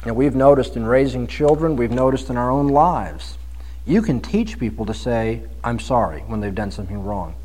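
A man preaching an expository sermon on a Bible passage, swinging from soft reflection to emphatic, pleading delivery. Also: mid-range voice, animated, moderate pace, poor audio.

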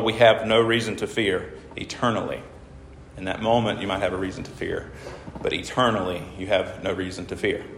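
A man's voice: on the low side, fairly bright tone. A man preaching a sermon to a congregation, asking them questions and reading scripture aloud. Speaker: pastor. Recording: echoey hall reverb.

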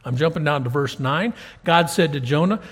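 Man, pastor, lively sermon, husky, slightly high voice, long hall reverb. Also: moderate pace. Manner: animated, conversational preaching with rhetorical questions.

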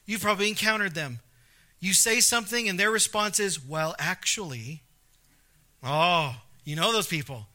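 A man's voice: high voice, a little fast, pushed and bright. A man preaching a sermon as a pastor, conversational, often repeating words and acting out quotes in character.

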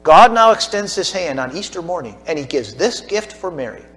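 A man preaching a sermon in a church, his voice sitting a little high for a man. He swells into emphatic lines, then drops to soft, hushed asides to the congregation. Faint music plays behind him. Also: big pitch swings, brisk. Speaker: pastor.

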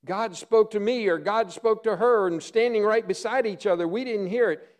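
A middle-aged male pastor preaching a sermon, earnest, often dropping to a hush for emphasis. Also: high voice, moderate pace.

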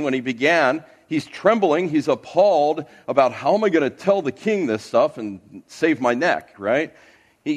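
A pastor preaching an expository sermon in church, earnest, with frequent uh and restarts. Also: male voice, medium pitch.

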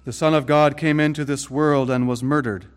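A man preaching a sermon in an earnest way, rising to emphatic peaks and then dropping low and soft. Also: steady tone, moderate pace, clean tone.

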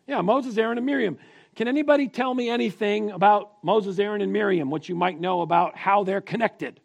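A middle-aged male pastor preaching to families with a somewhat high voice. He leads the congregation in call-and-response repetition, in a plain-spoken, teaching way with the odd restart. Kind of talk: family sermon.

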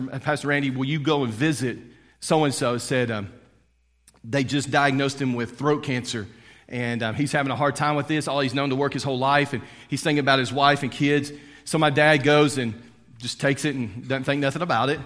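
A middle-aged male pastor delivering a sermon, swinging between loud preaching and hushed storytelling. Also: medium pitch. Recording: long hall reverb.

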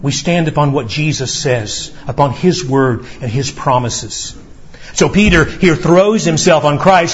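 Man, pastor, sermon, earnest, fairly high voice, dull lo-fi sound. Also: animated, unhurried, a little hiss or hum. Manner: earnest preaching, acts out quoted dialogue, stammers on restarts. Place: church sanctuary.

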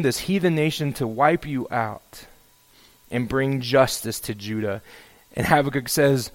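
A man's voice: medium pitch, takes it slowly. A man preaching a sermon, reading scripture and then acting out a prophet's pleading complaints to God. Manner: reads scripture then expounds, acts out a pleading prophet with rising intensity. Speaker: pastor.

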